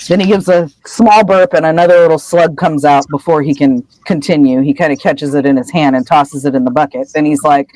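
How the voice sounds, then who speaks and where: Animated podcast co-host retelling a story. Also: mid-range voice, a little fast, hardly any pauses, no echo, low-quality recording. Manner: animated storyteller acting out quotes. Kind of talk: casual chapter retelling.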